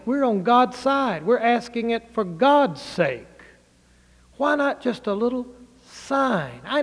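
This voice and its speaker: Slow, high-voiced preacher in a reverberant hall. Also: male voice. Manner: dramatic, swings between loud declaiming and hushed low phrases. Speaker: pastor. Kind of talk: sermon.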